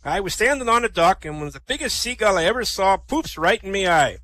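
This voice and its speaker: A man's voice: sits high, expressive, brisk, a bit bright, pitched above the performer's own voice. A man voicing a grizzled old-style pirate with a hook and a peg leg, who says "me" for "my" in a joke. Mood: boastful. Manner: pirate talk, "me" for "my".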